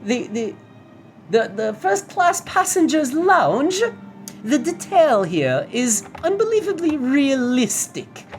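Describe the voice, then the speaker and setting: A man voicing a pompous wealthy early-1900s gentleman with a drawn-out, affected upper-class put-on accent. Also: high voice, animated, faint music behind. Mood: haughty.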